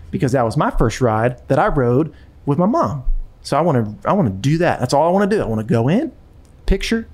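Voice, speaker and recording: A man in casual conversation, telling a personal story in an animated way with frequent restarts and repetitions. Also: medium pitch.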